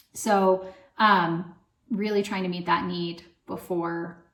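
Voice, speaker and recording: A woman in her thirties runs a parenting channel and answers viewer questions gently and conversationally, with soft laughs and filler words. Her pitch is fairly low, and the sound is roomy.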